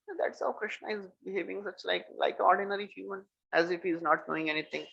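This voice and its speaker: A man's voice: high voice, brisk, vocal fry, sharp tone. A man giving a scriptural lecture, retelling a story and acting out the characters' speech. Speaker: preacher. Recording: dull lo-fi lecture recording.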